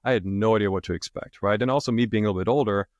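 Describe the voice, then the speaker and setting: A man from Germany, a podcast guest and author, telling his own story in a relaxed, animated way that often ends lines with a quick question. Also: on the low side, no echo, muffled recording. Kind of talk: casual storytelling.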